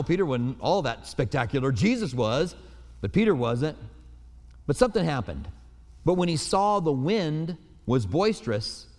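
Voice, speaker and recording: A man's voice: medium pitch, darkish tone. A man preaching a sermon in an earnest, storytelling way, with personal anecdotes. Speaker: pastor. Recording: reverberant hall.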